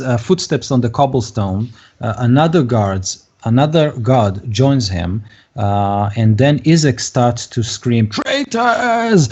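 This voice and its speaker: A man's voice: lowish voice, warm tone. A man running a tabletop game as game master, narrating hesitantly with many fillers. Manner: hesitant, lots of ums and uhs. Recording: dull lo-fi recording.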